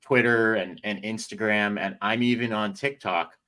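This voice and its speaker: A man, an author and jiu-jitsu instructor, chatting casually as a podcast guest, animated and laughing a lot. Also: lowish voice, normal speed. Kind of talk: casual interview chat.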